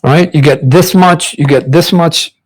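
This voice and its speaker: A man's voice: on the high side, unhurried, husky, rough recording. A man, a comic book artist, giving a casual drawing demonstration while he sketches, rambling and repeating words as he thinks aloud. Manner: demonstrates mouth sounds and faces.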